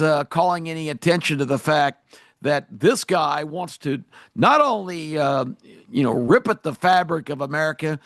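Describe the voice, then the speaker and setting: A man with a fairly high voice speaks straight into a close studio mic, with a dry and direct sound. He hosts a talk radio show and delivers a political monologue. His tone is emphatic and indignant, and he pauses on fillers as he builds his points. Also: fairly bright tone, no room sound.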